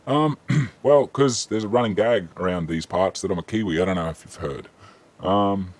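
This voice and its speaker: A man's voice: deep voice, normal speed, darkish tone. An Australian man hosting a casual live-stream Q&A, chatting easily and reading viewer questions aloud with frequent ums.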